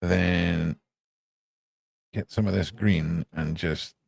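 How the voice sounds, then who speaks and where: A man's voice: low voice, steady tone, drawn-out words, vocal fry, a little mellow, no room sound. A man chatting casually on a live stream, muttering to himself as he works and tossing off playful asides.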